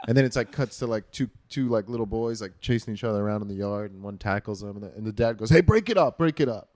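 Male podcast host, animated ranting, swearing, dry close mic. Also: on the low side, fast talker, no echo. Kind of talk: casual chat.

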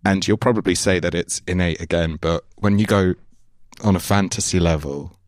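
Deep-voiced chatty host. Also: male voice, normal speed, no echo, studio quality. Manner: chatty, laughs often, swears casually. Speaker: podcast host, touring musician. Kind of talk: casual podcast conversation.

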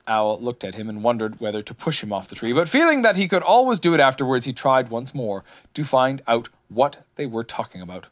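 A man narrating a children's storybook in a lively, expressive way, voicing many characters. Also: mid-range voice, a little fast, hardly any pauses. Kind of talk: storybook reading.

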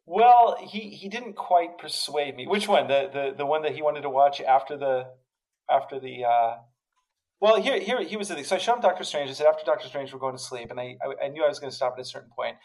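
A man's voice: a little high, expressive, a little fast, a little mellow, rough recording. A man from the Netherlands co-hosting a podcast, telling a story in casual chat with many restarts and fillers. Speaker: podcast co-host.

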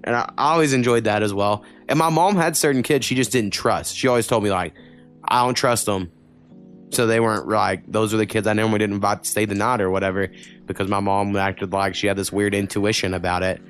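A man's voice: lowish voice, steady tone, quick pace, clean tone, soft background music. A young man from Oklahoma in casual podcast chat, rambling with lots of fillers and swearing. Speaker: podcast co-host.

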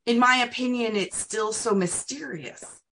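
A woman hosting a casual podcast interview, asking questions and chatting. Her tone is bright and sharp-edged. She talks frankly and boldly, in an upbeat way. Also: a little high, unhurried. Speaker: podcast host.

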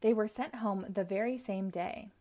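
A woman's voice: mid-range voice, normal speed. Woman reading a children's story aloud. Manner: clear, even storytelling. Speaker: host. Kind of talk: children's book read-aloud.

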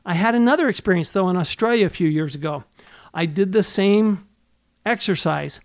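A man's voice: sits high, a little fast. A man who is an accountant hosting a podcast, talking in an earnest coaching way and firing off rhetorical questions. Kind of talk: motivational podcast talk.

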